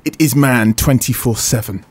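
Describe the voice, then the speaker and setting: A man's voice: medium pitch, moderate pace. A man hosting a radio show, reading out the chart with casual banter. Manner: chatty, reads out the chart. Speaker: radio host.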